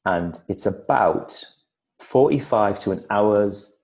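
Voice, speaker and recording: A man's voice: on the low side, slow pace, darkish tone. A man from northeast England with a northeast English accent, an actor chatting as an interview guest, thoughtful and rambling, with frequent restarts. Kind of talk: casual interview chat.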